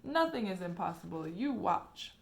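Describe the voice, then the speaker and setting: A woman reading aloud and voicing an eccentric, excitable male chocolate maker who speaks grandly and emphatically. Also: on the low side, moderate pace, creaky. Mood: exuberant. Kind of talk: storybook read-aloud.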